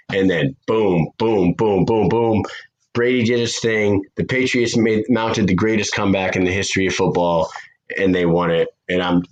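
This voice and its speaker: Low-voiced man telling a story. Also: rough recording. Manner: profane, animated storyteller. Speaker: podcast host. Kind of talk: casual chat, storytelling.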